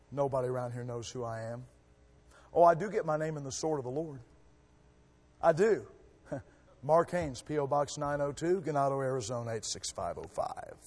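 A male missionary preacher giving a revival sermon, emphatic, shifting between loud exhortation and quiet asides. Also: medium pitch. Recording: echoey hall with long reverb.

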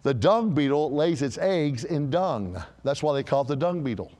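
Male pastor with a higher voice, animated preaching, large reverberant church. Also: moderate pace. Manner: animated preaching with rhetorical questions, swelling to emphatic peaks. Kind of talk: sermon.

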